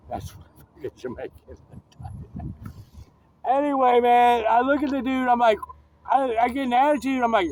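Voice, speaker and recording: A man's voice: very high-pitched, lively intonation, normal speed, pauses often, darkish tone. A man telling a rambling story in a casual vlog, profane and getting worked up as he goes.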